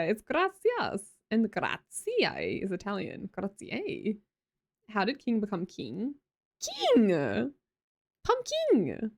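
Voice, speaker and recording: A woman's voice: medium pitch, darkish tone. A young Australian woman live streamer chatting casually with her viewers, reading their messages aloud, laughing often and swearing freely.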